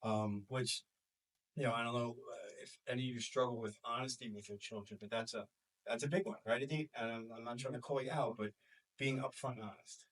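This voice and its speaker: A man in his forties with a New York accent, who is a school counselor and life coach from the city, speaks fairly quickly in a mid-range voice to a small group. He is animated and acts out the voices he quotes, and his voice comes from far off the mic.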